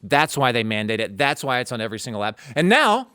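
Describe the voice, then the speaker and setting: A man co-hosting a political chat, talking in an animated, indignant way. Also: mid-range voice, quick pace, clear, resonant tone, no room sound, studio quality.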